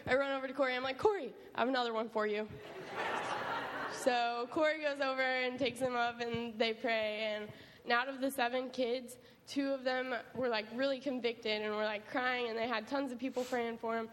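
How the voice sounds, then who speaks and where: A young woman shares a personal testimony as a camp counselor, talking in a lively, chatty way with lots of quoted asides. Her voice sits on the higher side. It is heard in a reverberant hall with faint noise behind. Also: normal speed. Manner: animated storytelling with many likes and quoted asides.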